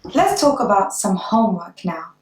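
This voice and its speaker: A woman's voice: medium pitch, sing-song, moderate pace, echoey room. A woman teaching an English lesson, patiently repeating words and giving simple examples. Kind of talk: slow, clear English lesson.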